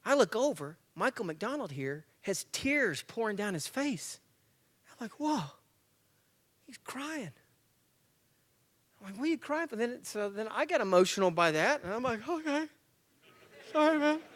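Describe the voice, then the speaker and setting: A man from Tennessee and Georgia, speaking at a church men's breakfast and telling a story to a live audience. He acts the story out, moving between loud bursts and hushed asides. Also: very high-pitched, sing-song, unhurried, pauses often.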